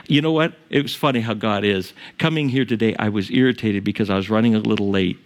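A man, the pastor, preaching a sermon in a conversational way, asking the congregation questions and joking, rising high on key points and dropping low for asides. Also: quick pace, few pauses.

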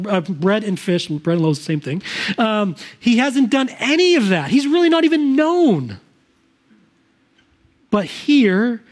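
Pastor, middle-aged man, fairly high voice, earnest conversational sermon delivery. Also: a little mellow. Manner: earnest, conversational preaching with restarts.

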